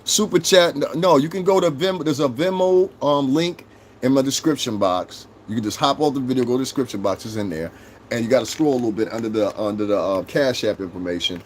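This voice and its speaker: A man's voice: medium pitch, fast, slight background noise. A man with a New York accent in his thirties, hosting a casual livestream, brash and profane as he talks straight to his chat. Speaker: livestream host.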